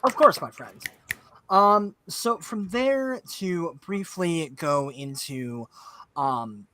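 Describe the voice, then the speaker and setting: Bright-voiced man hosting a game stream. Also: high-pitched, expressive, slow pace, dry recording. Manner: warm, joking, explains setting with many fillers. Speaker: game master. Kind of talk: casual livestream chat.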